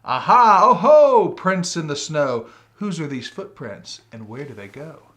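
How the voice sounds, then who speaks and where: A man reading a picture book aloud, voicing a bold young girl gruffalo who exclaims in a loud sing-song chant. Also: medium pitch, big pitch swings, normal speed, close to an everyday voice. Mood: excited, chanting. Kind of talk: storybook read-aloud.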